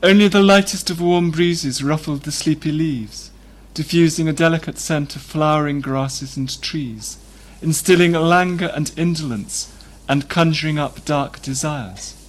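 A man reading a novel aloud in a measured, descriptive way. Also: fairly high pitch. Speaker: reader.

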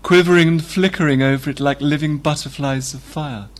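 Male reader, slightly high-pitched, steady literary narration. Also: brisk. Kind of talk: reading a novel aloud.

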